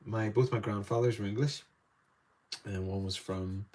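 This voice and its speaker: A man's voice: on the low side, steady tone, moderate pace, a little mellow. An Irish man teaching watercolour live, chatting to viewers with rambling asides while he paints in a studio. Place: indoor art studio.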